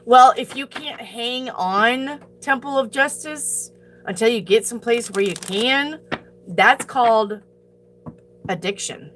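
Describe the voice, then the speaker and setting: A woman's voice: a little high, slow, a bit bright, slight background noise. A woman reading tarot on a live stream, talking bluntly and profanely as she answers her chat and hands out tough advice.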